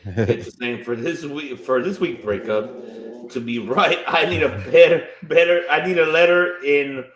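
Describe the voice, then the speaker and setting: A man's voice: on the high side, measured pace, echoey room, a crowd in the background. A man co-hosting a wrestling podcast, reading viewer comments and laughing along in casual chat. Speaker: podcast co-host.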